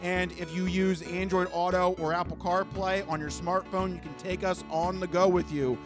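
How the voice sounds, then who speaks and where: A man's voice: sits high, little pitch movement, normal speed, over music. A man co-hosting a podcast in casual, jokey chat who plugs the show at the close. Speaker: podcast co-host.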